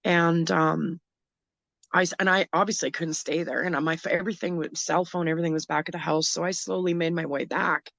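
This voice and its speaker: A middle-aged woman recounting a frightening personal story as an interview guest, halting and emotional, often restarting her sentences. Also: on the low side, steady tone, a bit bright, no echo.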